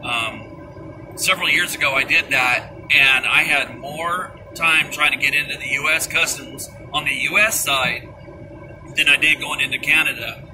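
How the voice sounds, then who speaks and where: A man's voice: a little high, moderate pace. Folksy man with road noise. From Kentucky, USA. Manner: hesitant, full of restarts, folksy. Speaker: driver on a family trip. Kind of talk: casual explaining to camera. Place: car and outdoors. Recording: strong road and outdoor noise.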